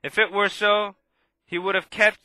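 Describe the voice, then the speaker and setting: A man preaching a sermon, impassioned and swinging between loud outbursts and hushed asides. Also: high voice, little pitch movement, measured pace.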